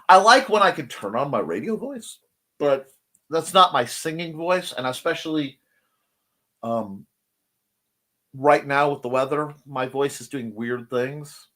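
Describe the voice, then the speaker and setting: A man's voice: mid-range voice, fairly bright tone. A man hosting a casual live-stream show, reading viewer comments aloud in a playful way. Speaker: host of a creative morning show.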